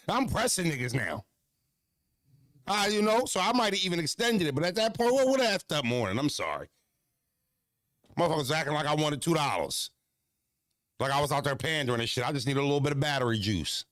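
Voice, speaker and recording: Animated, foul-mouthed male stream host. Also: fairly quick, pauses often, no room sound, clean studio sound. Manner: animated, profane, big swings between high excited and low mocking tones. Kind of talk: casual storytelling to a live chat.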